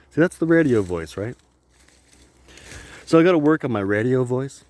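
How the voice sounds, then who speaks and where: Man rambling with a lively, jumpy pitch. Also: takes it slowly, pauses often, no room sound. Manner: joking, profane, laughs often. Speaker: vlogger. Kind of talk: rambling solo monologue.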